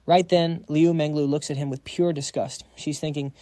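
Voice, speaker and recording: Mellow slightly high male narrator. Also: fairly even intonation, dry recording, studio quality. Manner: slangy, brisk storytelling. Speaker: recap narrator. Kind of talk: casual recap narration.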